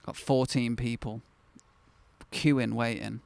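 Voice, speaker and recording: A man's voice: medium pitch, steady tone, slow pace, vocal fry, darkish tone, dry recording. A man in his thirties, the host of his own channel, telling a personal story to camera in a candid, conversational way that turns reflective and then bursts with enthusiasm.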